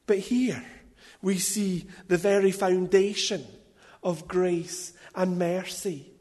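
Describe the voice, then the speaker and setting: A man preaching a sermon in a deliberate, emphatic way, with light self-deprecating asides. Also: high-pitched, steady tone, a little mellow, big-room sound.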